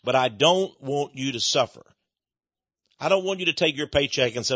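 A man's voice: medium pitch, big pitch swings, normal speed, a bit bright, husky, dry recording, highs cut off. A man hosting a radio ministry, making a folksy, earnest appeal for donations and then teaching from the Bible, with frequent restarts. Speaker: ministry leader and program host.

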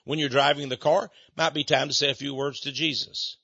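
Older guy preaching folksy and chatty, bright voice, dull dry sound. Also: mid-range voice, steady tone, brisk, husky, dry recording. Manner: chatty, laughs often, acts out quoted voices.

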